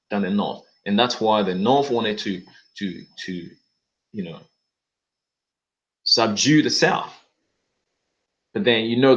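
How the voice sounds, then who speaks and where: Low-ish guy ranting through news commentary, says okay a lot, dull lo-fi audio. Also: fairly bright tone. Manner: emphatic, repeats words and peppers talk with "okay". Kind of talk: casual video commentary.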